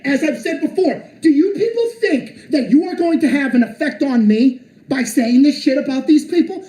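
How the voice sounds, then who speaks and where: A man's voice: very high voice, mellow, echoey room, poor audio. A man streaming an angry, profane and sarcastic rant, sounding exasperated.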